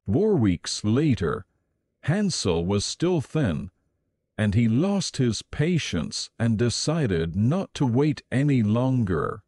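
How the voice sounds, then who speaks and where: A man reading a fairy tale aloud in calm storybook narration, slow and even. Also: medium pitch, no echo.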